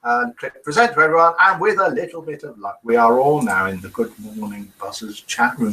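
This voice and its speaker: A British man in his fifties hosts a live daily show, chatting away and reading out viewers' comments and jokes with self-mocking humor, putting on voices for the quotes. His medium-pitched voice is expressive, pushed and bright, coming a little fast with few pauses. The recording is rough.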